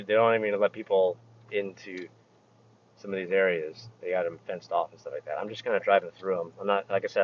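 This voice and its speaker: A man vlogging while he drives his truck, rambling in halting, restarting phrases with a sarcastic edge. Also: lowish voice, muffled recording. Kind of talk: casual opinion vlog. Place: inside a truck while driving.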